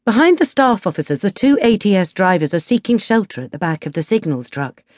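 A woman with an English accent narrating an audiobook in a measured, expressive way. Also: medium pitch, no room sound, clean studio sound. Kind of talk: scripted narration.

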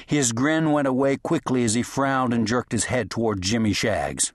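A man reading a western novel aloud as an audiobook narrator, in an even, measured storytelling manner. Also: medium pitch, dry recording, clean studio sound. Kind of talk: scripted narration.

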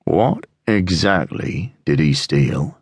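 A man playing a grim, hard sergeant with a low, gravelly voice. He speaks slowly and quietly with quiet menace, close and dry. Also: sing-song, no room sound, full character voice. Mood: menacing. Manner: slow, quiet and threatening. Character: grim cold middle-aged male sergeant.

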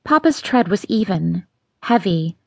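A woman narrating an audiobook in a measured, tense storytelling manner. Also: medium pitch, lively intonation, dry recording, clean studio sound. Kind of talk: scripted narration.

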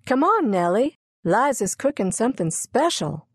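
Woman narrator doing excited small girl, high pitched, dry read. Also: moderate pace, no room sound. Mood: eager. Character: curious little girl, almost five, eager.

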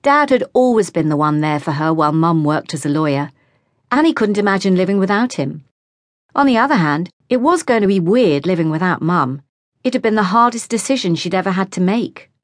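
A woman narrating a teen novel as an audiobook, reading at an even storytelling pace into a close studio mic. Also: on the low side, normal speed, no room sound. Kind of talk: scripted narration.

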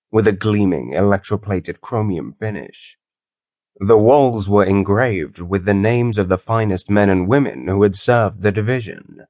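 Male audiobook narrator, measured and wry; slightly low voice, dry close recording. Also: a little mellow, no echo. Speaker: author and narrator.

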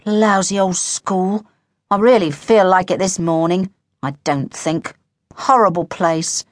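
A woman's voice: on the low side, fairly even intonation, slow, no echo. A woman voicing a podgy, grumbling schoolboy who is easily flustered. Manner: grumbling, indignant.

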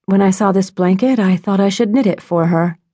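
A woman's voice: medium pitch, a little fast, dark tone, no echo, clean studio sound, voice pushed up, natural voice. A woman voicing an anxious young woman who sells jewelry, earnest and putting on forced cheer, in an audiobook.

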